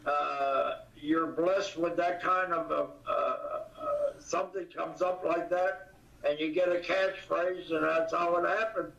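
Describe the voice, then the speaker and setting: An older man, a comedian guest in an interview, talking in a halting way with many pauses and fillers, recorded from a distance. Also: a little high, fairly even intonation, creaky, a bit bright. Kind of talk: casual interview. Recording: distant, echoey, dull audio.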